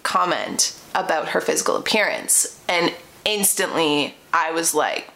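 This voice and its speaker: A woman's voice: deep voice, animated, a little slow, creaky, pushed and bright. A young woman hosting a podcast, telling a personal story in a candid, chatty way with many "like" fillers. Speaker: podcast host.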